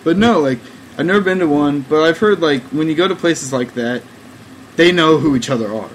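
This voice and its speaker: A man's voice: a little high, brisk, slight background noise, rough recording. A young man hosting a podcast, telling a rambling, profane story in casual chat with lots of "like" and frequent laughter. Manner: rambling, heavy use of "like", profane, laughing often. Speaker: podcast host.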